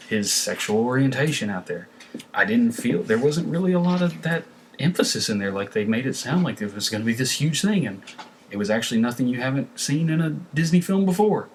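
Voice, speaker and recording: A man's voice: fairly low pitch, a little hiss or hum, low-quality recording. A man giving a casual film review, rambling with many fillers and restarts.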